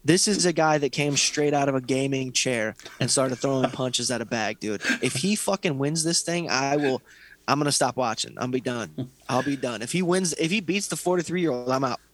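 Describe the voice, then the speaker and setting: A man's voice: medium pitch, moderate pace. A man co-hosting a casual podcast about a fighting reality show, talking in a sarcastic, profane way and mocking people with impressions. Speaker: podcast co-host.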